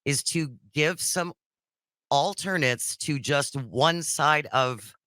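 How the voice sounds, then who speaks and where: A woman co-hosting a call-in radio talk show, lively and opinionated, quick to laugh. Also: low-pitched, no room sound, studio quality.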